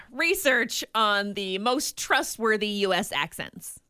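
A woman's voice: medium pitch, lively intonation, takes it slowly, bright, forceful tone, clear, resonant tone. A woman from the US Midwest co-hosting a morning radio show, chatting casually and playfully, often laughing.

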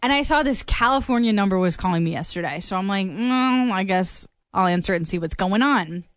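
A woman's voice: medium pitch, expressive, brisk, dry recording, studio quality. Wry woman telling a story. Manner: wry storyteller, acts out the voices of others. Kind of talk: casual chat.

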